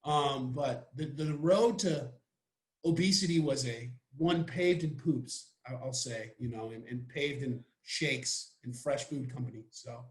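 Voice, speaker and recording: A man's voice: mid-range voice, measured pace, echoey room. A young man from Texas, a college football player, talking casually and jokingly as a podcast guest. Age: young adult. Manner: laid-back, rambling, joking.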